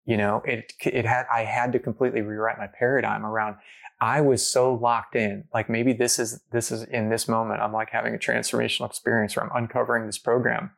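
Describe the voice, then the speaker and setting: A man's voice: medium pitch, brisk, gravelly. A man telling a long personal story in casual conversation, full of fillers, acting out what people said. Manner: animated storyteller, many fillers, acts out quotes.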